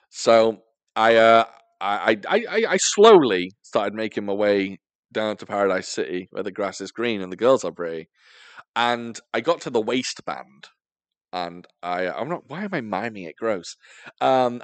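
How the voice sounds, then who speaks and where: With a lowish voice and no room sound in the recording, this young podcast co-host spins a story casually, poking fun at himself, laughing a lot and cursing without restraint.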